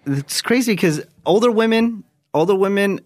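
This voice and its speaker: A man's voice: sits high, animated, normal speed, dry recording, studio quality. A man co-hosting a podcast, laid-back and joking, laughing often. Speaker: podcast co-host. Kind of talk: casual chat.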